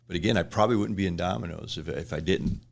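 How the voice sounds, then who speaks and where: Middle-aged midwest guy, deep gravelly voice, chatty, tells stories with little laughs. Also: quick pace. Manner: rambling anecdotes with acted-out quotes and chuckles. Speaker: restaurant franchise owner, guest. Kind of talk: casual storytelling interview.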